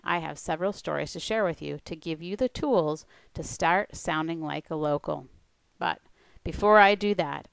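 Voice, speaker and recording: Woman, language coach, scripted presentation; low and a touch gravelly, dry close recording. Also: no room sound, poor audio. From United States.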